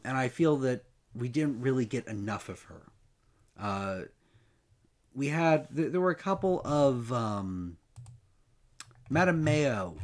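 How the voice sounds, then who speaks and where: Rambling, hesitant man reviewing a book. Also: medium pitch. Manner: rambling, hesitant, many ums. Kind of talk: casual book retrospective.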